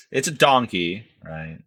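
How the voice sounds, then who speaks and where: Deep, bright-toned man running the game. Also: no echo. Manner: relaxed, casual narration with laughs. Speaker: game master. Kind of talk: narrating a tabletop game.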